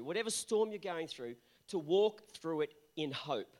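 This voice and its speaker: A male pastor delivers a fired-up sermon, his voice pitched high. He sounds hoarse, and he drives his points home by repeating short refrains. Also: very animated, a little slow, hardly any pauses.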